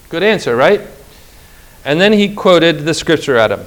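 A middle-aged man preaching a sermon, emphatic and slow, with dramatic pauses and rhetorical questions. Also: a little high, animated.

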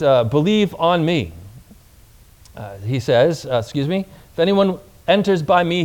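A man delivers a sermon in a slightly higher-than-average voice. He preaches emphatically, drawing out key phrases and putting questions to his listeners. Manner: emphatic preaching, slowing on key words and reading scripture aloud; addresses congregation with questions.

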